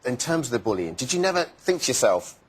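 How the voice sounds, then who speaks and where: A man's voice: medium pitch, sing-song, quick pace, slightly rough. A man interviewing a guest on a TV show, pressing her with probing questions.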